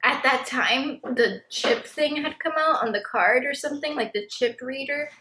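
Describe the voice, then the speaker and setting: A young woman with a slightly high voice chats candidly about her life as a mom. She talks in a loose, confessional way and fills her sentences with "like." Her voice carries some echo from the room at home. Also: moderate pace, pushed and bright, a little hiss or hum. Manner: candid, chatty, heavy use of "like" as filler. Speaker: vlogger, stay-at-home mom. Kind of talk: casual confessional chat to camera. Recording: roomy echo.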